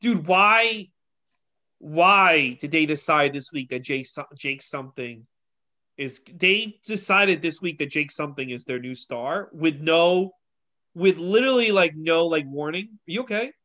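A man's voice: a little high, expressive, unhurried, pushed and bright. A man co-hosting a casual wrestling chat, exasperated and opinionated, swearing as he argues his view. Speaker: wrestling podcast co-host.

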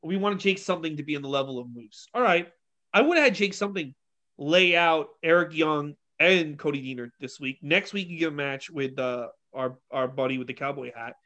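Exasperated man with a bright, raised voice. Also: a little high, a little fast. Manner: profane, exasperated, opinionated. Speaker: wrestling podcast co-host. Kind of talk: casual chat.

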